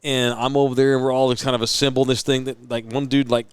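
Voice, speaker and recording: A man, co-hosting a podcast, telling stories in a lively, animated way. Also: mid-range voice, fast talker, smooth, dry recording. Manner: animated storyteller, acts out quoted voices. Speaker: podcast co-host. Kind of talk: casual storytelling chat.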